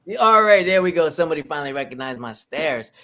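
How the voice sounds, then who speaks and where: A man's voice: fairly high pitch, lively intonation, quick pace, sharp tone. A man on a casual livestream panel over a video call, making joking asides. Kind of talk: casual group chat.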